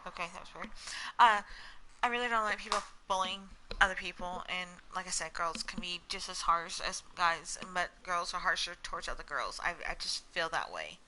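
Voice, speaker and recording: A woman's voice: lowish voice, lively intonation, moderate pace, bright, forceful tone, a little hiss or hum, rough recording. A young woman vlogger chatting casually to camera, rambling with lots of fillers and breaking into bits of song. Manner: rambling, lots of "like" and "you know"; breaks into snatches of song while telling stories.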